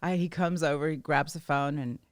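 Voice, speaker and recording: A woman co-hosting a podcast, swapping animated stories in casual chat. Her voice sits a little low. It is recorded close with a dry sound. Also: brisk, dry recording. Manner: chatty storyteller, animated impressions. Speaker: podcast co-host.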